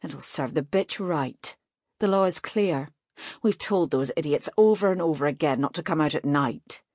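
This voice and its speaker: A sneering, hot-tempered male mage voiced by a woman narrator in a storybook reading, snapping out scornful demands at a brisk pace. The voice is a little louder than the narration and sounds dry and close. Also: deep voice, no echo. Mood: contemptuous.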